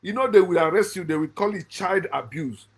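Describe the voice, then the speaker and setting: Husky-voiced man giving a fiery monologue. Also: fairly quick. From Africa. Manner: swings from loud high emphasis to low muttered asides; restarts and rephrases often. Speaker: channel host. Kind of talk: emphatic spoken commentary monologue.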